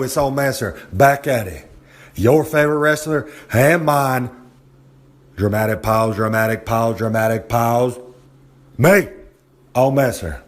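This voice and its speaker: A man cutting a brash, boastful wrestling promo about himself in the third person, recorded on a phone held close to his face at home, sore and hungover. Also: medium pitch. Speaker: wrestler with a regular podcast segment.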